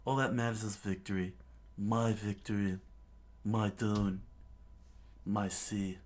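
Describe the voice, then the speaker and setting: Ruthless pirate captain, man doing a booming bossy voice, deep and slow, storybook reading. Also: little pitch movement. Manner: booming, domineering threats.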